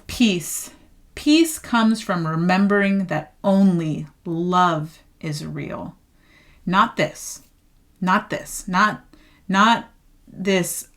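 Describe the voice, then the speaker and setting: A woman's voice: lowish voice, very slow, a bit bright. A woman reading tarot cards for her viewers in a loose, chatty way. She talks emphatically, circles back to repeat her phrases and laughs often as she goes. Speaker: tarot card reader.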